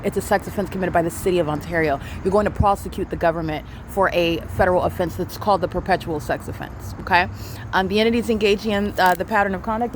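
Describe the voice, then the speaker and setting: Fast-talking street vlogger, urgent and repetitive, faint traffic noise behind. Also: mid-range voice. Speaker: self-documenting vlogger. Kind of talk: street narration to camera. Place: city street outdoors at night.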